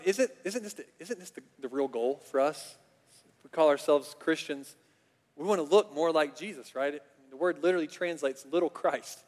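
High-voiced man preaching in an echoing hall. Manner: animated, conversational preaching with many fillers. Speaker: pastor. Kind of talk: sermon. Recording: long reverb of a large hall.

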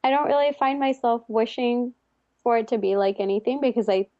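A woman's voice: on the high side, fairly quick, a little mellow, no room sound, lo-fi sound. A young woman, a henna artist, chatting casually and laughing often as she retells what clients ask her. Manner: laughs often, quotes people in little asides. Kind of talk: casual chat.

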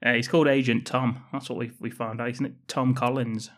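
A man's voice: mid-range voice, level tone, brisk. A man co-hosting a podcast, casually recapping a film's plot with dry, sweary remarks. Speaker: podcast co-host. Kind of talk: casual film-review chat.

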